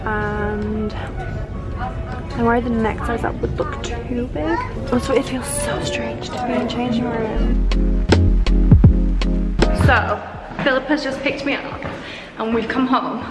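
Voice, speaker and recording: Bubbly young female vlogger, slightly high voice, rambling casual chat. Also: steady tone, slow pace, long pauses, loud music behind the voice, poor audio. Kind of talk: casual vlog chat to camera.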